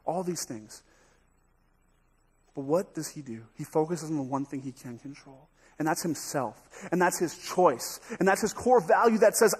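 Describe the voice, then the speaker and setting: High, husky-voiced American pastor preaching. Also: male voice, moderate pace. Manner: energetic, jokey, acts out voices. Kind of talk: sermon. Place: church sanctuary.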